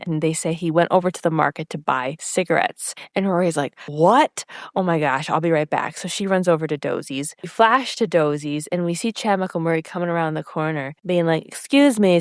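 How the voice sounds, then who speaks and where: Female podcast co-host, chatty and animated, voices characters mid-story, dry mic. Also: on the low side, dry recording. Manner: animated, acts out characters' lines with laughs. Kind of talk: casual recap chat.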